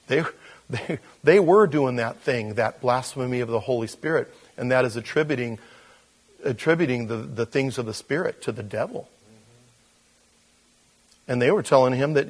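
Husky-voiced man preaching a casual sermon. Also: medium pitch. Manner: conversational, with fillers and restarts; shifts between quiet intensity and animated emphasis. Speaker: pastor.

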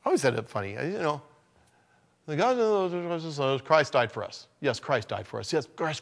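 A man with a somewhat high voice delivers a conversational sermon. He talks casually, slipping into quiet asides before he swells into loud, drawn-out lines for emphasis. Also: sing-song, creaky. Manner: conversational preaching, swings between low murmurs and loud emphatic lines. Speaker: preacher. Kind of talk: sermon on evangelism.

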